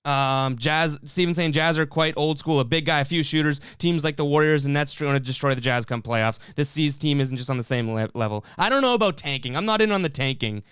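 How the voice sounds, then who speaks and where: A man's voice: a little high, a little fast, hardly any pauses, a bit bright, clear, resonant tone, no room sound, studio quality. Fired-up man hosting a fan stream. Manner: fired-up, rambling, frequent restarts and fillers. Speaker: sports stream host reading chat. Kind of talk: casual live-stream commentary.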